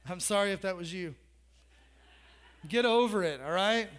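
A pastor with a strikingly high voice preaches in a loose, conversational style. He drops joking asides and teases his congregation between points. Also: lively intonation, normal speed, a bit bright. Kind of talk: sermon.

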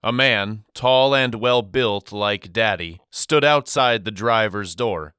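Slow, clear male storyteller. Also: on the low side, sharp tone, dry recording, clean studio sound. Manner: measured, reflective storytelling. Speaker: audiobook narrator. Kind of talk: scripted narration.

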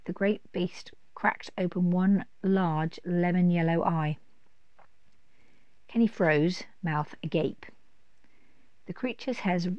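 A woman reading a children's storybook aloud at a steady, unhurried pace. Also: lowish voice, no room sound. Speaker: narrator. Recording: dull dry recording.

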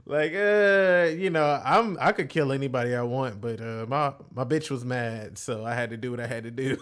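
A man's voice: medium pitch, normal speed, fairly bright tone. A man in casual podcast chat, laid-back, laughing often and acting out quotes in other voices. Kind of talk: casual chat about an anime.

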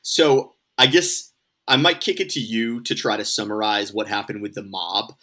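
Bright-voiced man co-hosting a podcast. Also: fairly low pitch, fairly even intonation, moderate pace. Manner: rambling, swears freely, acts out quotes. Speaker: podcast co-host. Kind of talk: casual chat.

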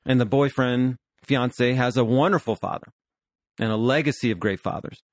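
A man's voice: mid-range voice, moderate pace, dry recording, clean studio sound. A man in his fifties, a pastor and therapist hosting a podcast, talking earnestly about counseling couples. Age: 50s. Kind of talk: podcast conversation.

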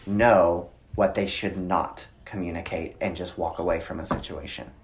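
A man's voice: low-pitched, normal speed, gravelly. Man in his 30s telling stories. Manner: storytelling, animated with filler words. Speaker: guest speaker on communication. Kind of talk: conversational interview.

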